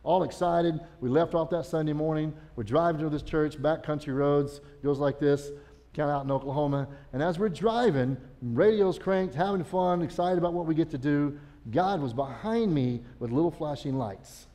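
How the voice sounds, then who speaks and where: A man's voice: on the high side, moderate pace, warm tone. Folksy, conversational man preaching in church. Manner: conversational storytelling, folksy asides. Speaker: children and family pastor. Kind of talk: sermon. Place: church sanctuary. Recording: long church reverb.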